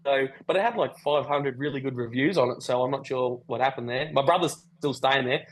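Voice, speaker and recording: A man's voice: medium pitch, steady tone, brisk, poor audio. A man telling a rambling travel story on a podcast call, swearing casually. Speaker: podcast guest. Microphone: video call.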